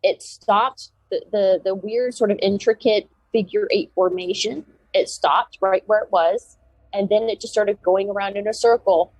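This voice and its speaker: A Southern American woman, a podcast guest, recounting a personal encounter in an animated way, with many restarts. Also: mid-range voice, moderate pace, no room sound, poor audio.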